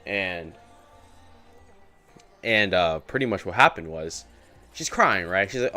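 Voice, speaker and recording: Young male day trader streaming live, loose slangy chatter, voice bouncing up and down, quiet music under him. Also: sits low, animated, takes it slowly, pauses often. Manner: slangy, rambling, keeps saying bro. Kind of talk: casual live-stream chat. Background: faint music playing.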